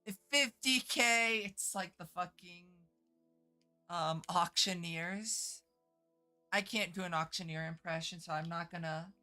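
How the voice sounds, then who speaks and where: Woman streamer, bright forceful voice, chatty and profane, reads and answers chat. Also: lowish voice, unhurried, soft background music. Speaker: game streamer. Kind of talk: casual live-stream chat.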